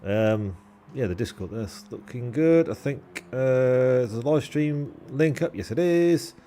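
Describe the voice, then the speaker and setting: A man's voice: medium pitch, expressive, measured pace, mellow. A young man commentating a sim race on a live stream, chatty and jokey, with casual swearing and thanks to subscribers.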